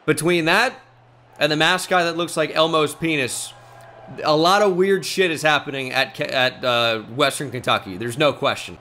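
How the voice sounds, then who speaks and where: A man's voice: fairly high pitch, normal speed, pushed and bright, slight background noise. A young man giving casual, profane, joking commentary while playing a video game. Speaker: gaming YouTuber.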